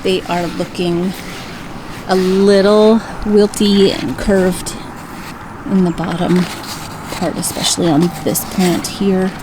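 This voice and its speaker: Slow-talking woman touring her garden. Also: on the low side, fairly even intonation. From Minnesota, US. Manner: slow, chatty, fond of her plants. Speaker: vlogger giving a garden tour. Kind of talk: casual walking commentary. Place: outdoors in a home garden. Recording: loud outdoor background noise.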